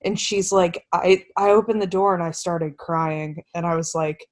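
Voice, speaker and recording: Soft-spoken woman telling a story. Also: on the low side, fairly even intonation, normal speed. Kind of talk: casual chat.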